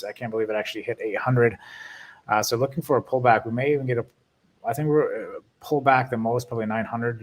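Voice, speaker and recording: A man hosting a stock market video, giving casual commentary on the week's picks with many fillers and hedges. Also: medium pitch. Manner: many fillers and restarts, hedging predictions.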